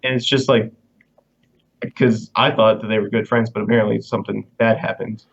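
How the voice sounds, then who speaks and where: A man's voice: fairly low pitch, flat delivery, brisk, gravelly, slightly rough. A young man calling in to a live stream, talking hesitantly with many ums and likes, over lo-fi call audio. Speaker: caller. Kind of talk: casual call-in chat.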